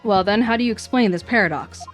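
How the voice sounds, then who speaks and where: A woman's voice: mid-range voice, fast talker, soft background music. A woman streamer reading visual novel dialogue aloud, voicing the characters and stumbling over names.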